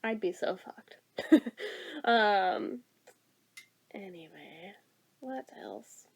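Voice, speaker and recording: A woman's voice: mid-range voice, expressive, extremely slow, gravelly, slight background noise. A woman vlogger in a casual chat, self-deprecating and giggly as she talks about her day.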